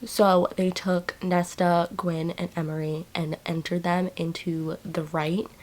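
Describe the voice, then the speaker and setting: A young woman vlogging about a book she is reading, gushing and excitable as she recaps scenes and reads passages aloud. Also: on the low side, measured pace. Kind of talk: casual reading vlog, recapping a novel.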